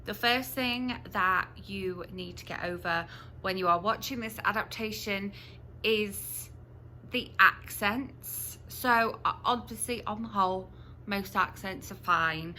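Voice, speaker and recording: A woman's voice: mid-range voice, a little slow, sharp tone, a little hiss or hum. A woman from the UK chatting to camera as a book review vlogger, with frequent ums and restarts.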